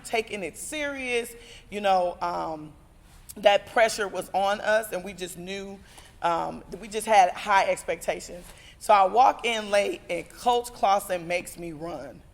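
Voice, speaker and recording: A woman in her forties giving a heartfelt personal testimony as a former student, halting with fillers and growing emotional. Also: lowish voice, vocal fry. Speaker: alumna speaker. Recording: reverberant hall, music underneath.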